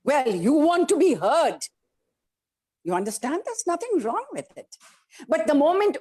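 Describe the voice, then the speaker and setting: A woman's voice: sits high, sing-song, measured pace, pauses often, a little mellow. A woman with an Indian English accent, an actress giving an emphatic interview answer with rhetorical questions and acted-out quotes of other people. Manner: acts out quoted voices of family and society.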